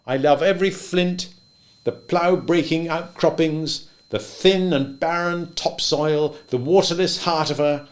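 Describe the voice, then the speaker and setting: A man voicing a wry, stubborn old male farmer who speaks gently and thoughtfully, a bit louder than his narration. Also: a little high, unhurried, voice pushed up, close to an everyday voice. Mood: wistful.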